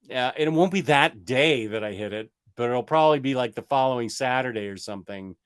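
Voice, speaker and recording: A man's voice: medium pitch, brisk, clear, resonant tone. A man hosting a casual comic book livestream, rambling and joking as he answers viewer questions and stumbles over words. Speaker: comic book channel host.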